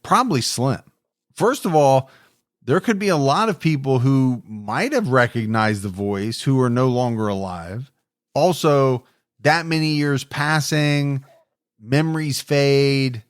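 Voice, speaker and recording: A man co-hosting a true crime podcast, narrating the case in a measured, reflective way. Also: mid-range voice, lively intonation, no room sound, clean studio sound. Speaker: podcast co-host.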